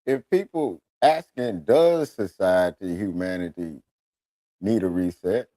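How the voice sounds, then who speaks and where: A man's voice: sits low, takes it slowly, no echo. A man hosting a radio talk show, telling profane, comedic stories and often slipping into the voices of other people. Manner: animated storytelling, switches into voices of others.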